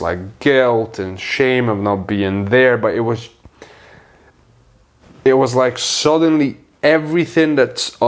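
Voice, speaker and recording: A man hosting a podcast, chatting casually with his guest and throwing in playful, crude teasing. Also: on the low side. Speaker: podcast host. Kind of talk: casual interview chat.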